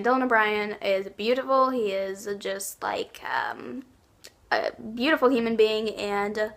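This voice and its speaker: A woman's voice: a little high, a bit bright. A young woman chatting casually in a vlog, gushing about her favorites with lots of likes and ums. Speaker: YouTube vlogger.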